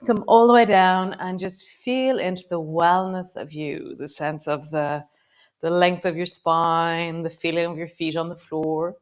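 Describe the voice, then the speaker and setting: A woman teaching a live guided yoga class, giving gentle, encouraging movement cues broken up by chatty asides, and slowing and softening her voice as she talks students through each move. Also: on the low side, steady tone.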